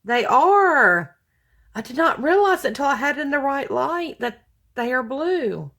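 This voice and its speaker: A woman's voice: high-pitched, big pitch swings, measured pace, gravelly, a bit bright. A woman chatting casually to viewers as she unboxes craft mail, gushing and exclaiming with thanks. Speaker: craft vlogger opening mail.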